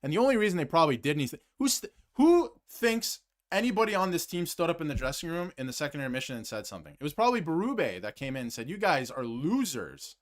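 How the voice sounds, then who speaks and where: Fired-up man ranting with lively pitch. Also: fast talker. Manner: heated and emphatic, repeats phrases, swings between loud outbursts and muttered asides. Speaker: sports commentary host. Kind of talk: fired-up solo hockey rant to camera, reading super chats.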